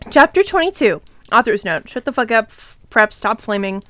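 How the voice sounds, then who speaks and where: High-voiced giggly swearing woman streamer. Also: expressive, a little slow, fairly bright tone, no echo. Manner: irreverent, swearing, giggly asides. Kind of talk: reading a fanfic aloud on stream.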